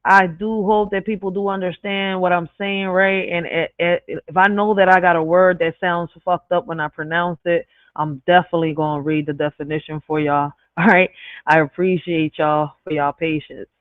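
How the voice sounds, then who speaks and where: A woman's voice: on the low side, fairly even intonation, moderate pace, no room sound. Woman host with an accent, loose and chatty, cursing, self-correcting; phone-quality, dry sound. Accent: speaks with an accent. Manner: chatty, swears freely, stumbles and corrects words. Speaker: channel host. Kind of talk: casual talk to viewers. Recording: tinny phone-like dry recording.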